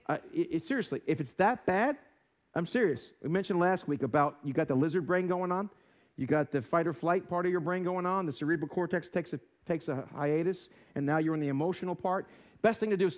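A man's voice: a little high, expressive, brisk. A male American pastor giving a sermon in a church, telling a self-deprecating story and acting out voices. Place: church sanctuary.

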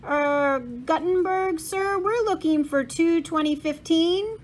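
A woman's voice: very high voice, slow, pitched above the performer's own voice. A woman reading the part of a methodical schoolboy who explains things step by step in a storybook read-aloud. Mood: focused.

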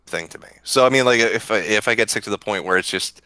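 A man hosting a casual livestream chat, talking crudely with sarcastic deadpan jokes over a buzzing desk mic. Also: fairly low pitch, fast talker, rough recording. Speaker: stream host. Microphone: desk mic with mechanical buzz.

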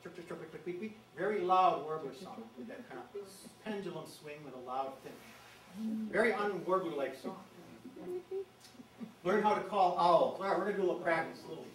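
A man giving a lively, jokey bird talk to an audience, breaking into bird-call imitations. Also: sits high, normal speed, a little hiss or hum. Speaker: bird expert giving a presentation. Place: meeting room with an audience. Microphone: distant from the microphone. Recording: echoey room from far off.

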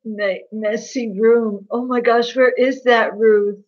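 A woman chats casually on her livestream in a fairly high voice. She gossips, laughs, and answers viewers by name. The audio is dull and lo-fi, as from a built-in mic. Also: steady tone, takes it slowly. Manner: gossipy, laughing, reads viewer comments aloud. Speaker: livestream host.

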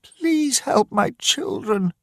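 A man voicing a desperate mother begging for help for her children, in a high strained voice. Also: slow pace, gravelly, dry recording, clean studio sound, full character voice. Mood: pleading.

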